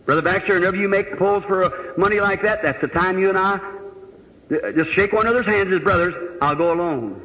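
A man's voice: high-pitched, steady tone, fast, slight background noise. A man preaching, telling a story in a folksy, plain-spoken way, acting out the dialogue, before a congregation in a large hall. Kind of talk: sermon storytelling. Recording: old dull recording in a hall.

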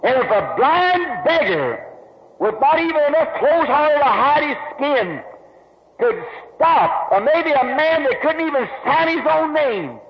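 A man's voice: very high voice, big pitch swings, measured pace, big-room sound. A man preaching a sermon, dramatically retelling a story and crying out the characters' lines. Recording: dull lo-fi old recording with faint hiss.

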